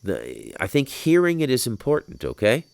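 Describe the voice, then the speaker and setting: The podcast host here has a medium-pitched, gravelly voice whose pitch swoops wildly, though his pace stays normal. Out on a patio, he rambles through a spiritual monologue packed with profanity that flares into heated shouts, with no room sound.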